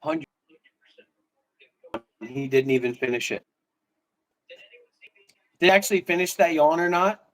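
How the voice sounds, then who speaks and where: A man's voice: fairly high pitch, lively intonation, unhurried, pauses often, a bit bright. A man in casual livestream banter, mocking and taunting with a lot of swearing.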